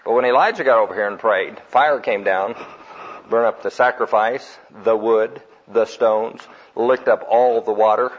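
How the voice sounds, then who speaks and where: A man's voice: lowish voice, normal speed. A man preaching a sermon in a folksy storytelling way, acting out quotes and laughing at his own jokes. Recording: dull lo-fi recording.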